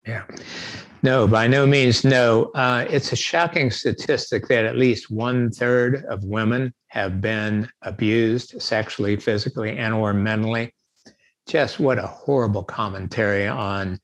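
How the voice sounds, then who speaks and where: A man's voice: lowish voice, steady tone, unhurried, rough recording. A man answering interview questions in an earnest, reflective way, retelling stories and quoting the people in them. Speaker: guest speaker on the afterlife.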